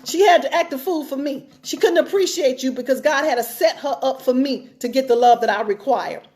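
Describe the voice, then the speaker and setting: High-voiced woman preaching with emphasis. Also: a little fast, darkish tone. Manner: emphatic, repeats phrases for stress. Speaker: pastor. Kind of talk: sermon-style teaching talk.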